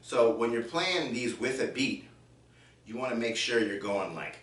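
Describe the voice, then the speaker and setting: A man's voice: medium pitch, animated, unhurried. A man giving a drum lesson, explaining casually and checking in with the viewer. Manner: counts beats aloud while playing. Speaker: drum teacher. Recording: echoey room, distant mic, loud drums.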